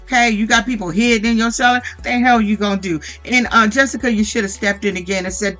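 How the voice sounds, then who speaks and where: Blunt, bright-voiced woman ranting. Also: fairly high pitch, steady tone, quick pace, hardly any pauses, soft background music. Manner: blunt, profane, opinionated. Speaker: vlogger recapping a reality show. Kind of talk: casual reality TV recap commentary.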